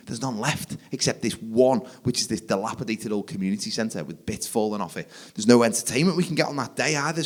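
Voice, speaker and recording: A man in his forties doing a stand-up comedy set, energetic, jumping to loud shouted punchlines. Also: medium pitch. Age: 40s. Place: theatre stage, live audience.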